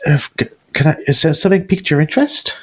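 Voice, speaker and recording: A man voicing a nervous, eager wiry woman blacksmith in a tabletop game, stammering in a high, fluttery voice. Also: sing-song, fast. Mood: flustered, eager. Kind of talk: tabletop role-play character voice.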